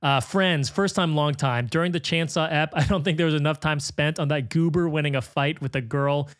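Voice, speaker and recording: Dry-sounding podcast host, upbeat. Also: male voice, a little high, fairly quick, dry recording. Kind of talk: casual podcast chat, reading listener emails.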